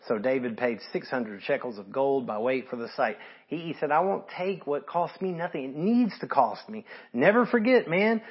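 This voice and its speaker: Husky preacher man, dull recording. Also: medium pitch. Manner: conversational preaching, swings from quiet to emphatic, acts out givers. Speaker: pastor. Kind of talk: sermon. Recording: dull lo-fi sermon audio.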